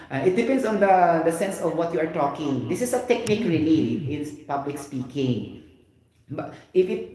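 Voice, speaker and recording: Man, lecturer, animated and chatty, raised pitch, heavy room reverb. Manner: lively, mixes in Cebuano phrases, repeats "okay" and "you get the point". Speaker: teacher. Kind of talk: classroom lecture. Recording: very echoey room.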